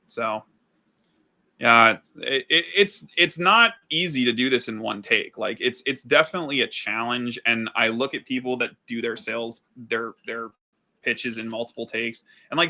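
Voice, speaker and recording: A man's voice: mid-range voice, bright, forceful tone. A man hosting a business show, talking casually between recording takes in a loose, chatty way full of fillers and restarts. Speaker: host; business coach.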